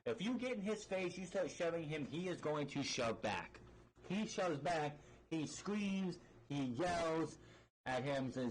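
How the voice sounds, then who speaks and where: A man's voice: on the high side, animated, a little slow, a little hiss or hum, low-quality recording. A man casually recapping a wrestling match play-by-play, rambling with fillers and frequent swearing. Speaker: wrestling show reviewer.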